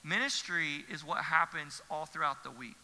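A man's voice: on the high side, normal speed, creaky, pushed and bright. A man, a pastor preaching an earnest sermon with emphatic repetition. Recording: church hall reverb.

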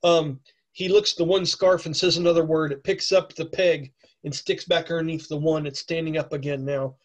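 A man narrating as game master in a casual, halting way, full of fillers. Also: fairly high pitch, flat delivery.

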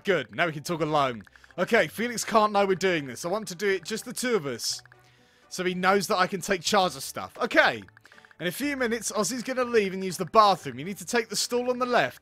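A man's voice: high voice, animated, a little fast, sharp tone, faint music behind. A man voicing a scheming, bossy kindergarten boy in a video game, giving orders in a conspiratorial way.

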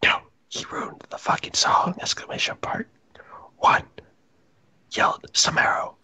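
A man doing a comedic, mock-dramatic reading of fan fiction, reading the punctuation aloud in a breathy half-whisper. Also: unhurried, pushed and bright. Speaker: reader.

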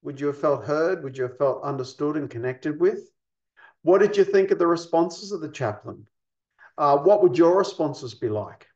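Guy explaining stuff patiently, kinda high voice, roomy echo and dull lo-fi sound. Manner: patient, explanatory, rhetorical questions. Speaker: pastoral care trainer. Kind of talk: recorded training lesson. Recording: echoey, dull lo-fi.

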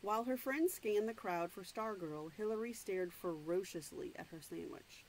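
A woman's voice: mid-range voice, a little hiss or hum, poor audio. A woman reading a novel aloud, stopping now and then to explain the story in her own words. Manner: plain, unhurried read-aloud narration with asides. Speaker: reader.

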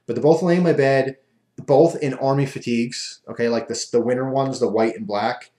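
A man's voice: medium pitch, normal speed, mellow. A man casually telling a rambling, self-amused story as a vlogger, recorded in an echoey room.

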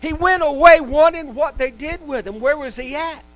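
A man's voice: very high voice, normal speed, fairly bright tone, dry recording, low-quality recording. A man preaching a live church sermon, emphatic and repetitive, speaking in a church sanctuary. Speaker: pastor.

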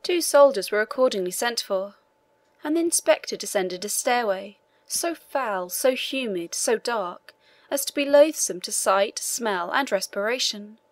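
Woman for a classic-novel audiobook, measured read, dry close sound. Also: fairly high pitch, expressive, dry recording. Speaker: audiobook narrator. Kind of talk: scripted narration.

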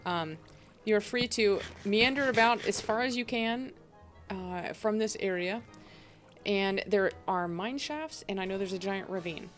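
A woman runs a multiplayer game session over voice chat and walks her friends through the rules in a chatty, rambling way. Her voice sits at an ordinary middle pitch, and faint game music plays behind her. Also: unhurried. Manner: chatty, explains at length with fillers. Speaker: server host explaining game rules. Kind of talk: casual gaming chat over voice call.

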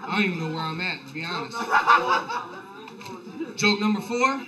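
Young male stand-up, high-pitched, loose and profane, live bar set over a laughing crowd. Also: expressive, normal speed, distant mic, poor audio. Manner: profane, loose, rambling delivery. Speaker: stand-up comedian. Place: comedy bar.

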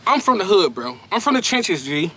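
A man's voice: high-pitched, big pitch swings, normal speed, background noise. A young man doing a casual snack unboxing review, slangy and emphatic, often repeating himself.

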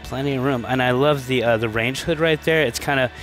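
A man's voice: mid-range voice, brisk, fairly bright tone, soft background music. Upbeat man giving a home tour. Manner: enthusiastic, upbeat, chatty with filler restarts. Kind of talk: casual walkthrough narration. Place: inside a manufactured home at a show.

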